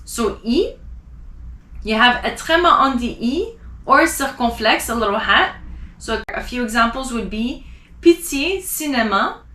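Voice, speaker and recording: Slow, bright-voiced woman teaching pronunciation. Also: a little high. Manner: spells out letters and repeats words deliberately. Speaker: French teacher. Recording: echoey room.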